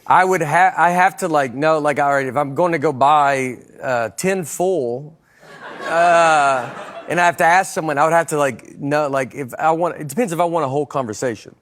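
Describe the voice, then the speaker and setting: A man with a Southern US accent chatting as a talk show guest, halting and self-deprecating with many restarts. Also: a little high, fairly bright tone. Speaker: comedian guest. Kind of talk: casual talk show chat.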